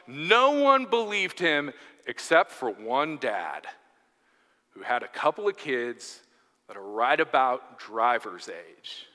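A man's voice: fairly high pitch, very animated, a little slow, pushed and bright. A man, telling a funny story as a chatty, self-deprecating guest preacher during a church sermon. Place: church sanctuary. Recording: echoey church hall.

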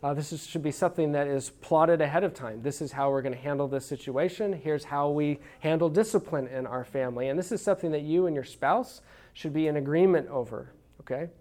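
Brisk and a little mellow, his voice runs on the high side. The speaker is a man from Texas teaching church parents in an earnest, folksy way, telling stories with frequent restarts as part of conversational teaching.

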